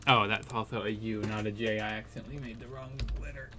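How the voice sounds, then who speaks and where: A man streaming a game, slowly spelling out letters as he decodes text, then breaking into excited disbelief. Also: lowish voice, background noise.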